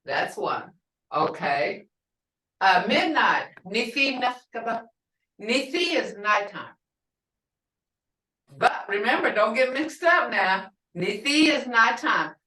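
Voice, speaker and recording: Slow, patient older woman teaching. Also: a little high, sing-song, sharp tone. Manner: slow, patient, repeats words for learners. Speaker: language teacher. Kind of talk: language class teaching. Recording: roomy and distant from the mic.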